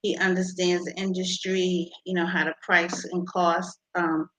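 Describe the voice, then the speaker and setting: A woman being interviewed about her invention, talking with many pauses and restarts. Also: fairly low pitch, level tone, fairly bright tone, rough recording. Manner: halting, many ums and restarts. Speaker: inventor guest.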